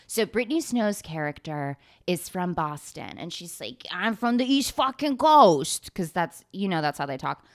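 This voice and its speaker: Young woman riffing on a tv show, sarcastic and rambly, swears a lot, kinda low voice. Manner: rambling, sarcastic, swears freely, laughs often. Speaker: podcast host. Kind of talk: casual comedic recap.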